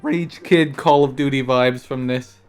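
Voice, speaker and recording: A man's voice: medium pitch, steady tone, a little slow, clean tone, faint music behind. A man co-hosting a podcast in casual chat, throwing in jokes.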